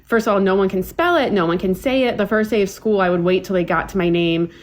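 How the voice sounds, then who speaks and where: Woman chef rambling through stories on a podcast, average pitch, lots of likes and ums. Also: fast talker. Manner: rambling storyteller, many fillers and restarts. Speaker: guest chef. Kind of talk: casual podcast chat.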